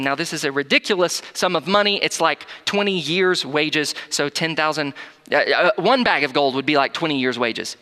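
A man's voice: on the high side, fairly quick. Earnest preacher man in a reverberant hall. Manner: earnest, animated, often repeats words when restarting. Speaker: pastor. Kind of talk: sermon.

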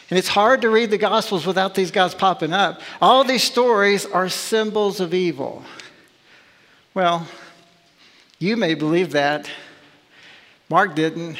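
A man's voice: high-pitched, a bit bright. A man preaching a sermon as pastor, emphatic and full of rhetorical questions. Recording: long reverb of a large hall.

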